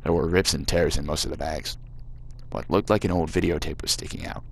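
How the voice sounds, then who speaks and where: A man putting on a gruff American horror narrator. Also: steady tone, brisk, a little hiss or hum. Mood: grim. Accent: put-on American. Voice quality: gruff, low and grim. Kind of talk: reading game text aloud.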